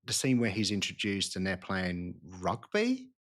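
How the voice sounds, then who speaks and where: A man's voice: sits low, huge pitch swings, fairly bright tone. A man co-hosting a film podcast, chatting casually with frequent restarts. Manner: rambling, halting restarts. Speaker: podcast co-host. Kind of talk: casual film review chat.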